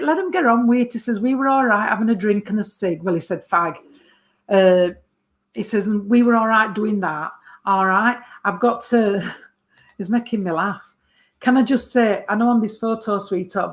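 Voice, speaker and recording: A woman, giving a medium's reading from a photo and calling the sitter sweetheart and darling. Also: mid-range voice. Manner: warm endearments, calls the sitter sweetheart and darling.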